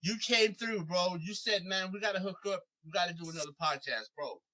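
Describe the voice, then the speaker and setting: A man's voice: high voice, a little fast, a crowd in the background. A man hosting a podcast interview, talking loose and hyped and calling his guest bro and dog. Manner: hypey intros, calls guest bro and dog. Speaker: podcast host.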